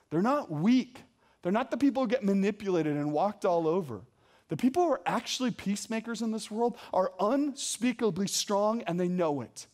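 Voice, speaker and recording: A man's voice: high voice, a little mellow. A young adult man preaching a sermon as a pastor, earnest and emphatic, with many rhetorical questions.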